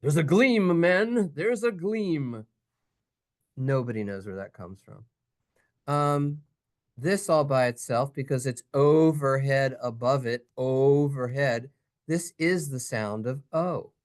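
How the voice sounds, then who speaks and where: Unhurried teacher for a synagogue reading class, playful and sing-song, acts out the sounds. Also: medium pitch. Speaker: Hebrew teacher.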